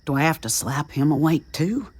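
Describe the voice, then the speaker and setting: A woman voicing a young adventurous man with a soldier's past, speaking low and subdued. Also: lively intonation, moderate pace, a little mellow, slightly rough, no room sound. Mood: wry.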